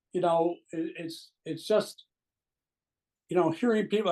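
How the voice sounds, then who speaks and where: A man in his seventies giving an earnest, indignant political opinion as a pundit guest, with halting restarts. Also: sits high, darkish tone, poor audio. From United States. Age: 70s. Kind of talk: impassioned opinion commentary.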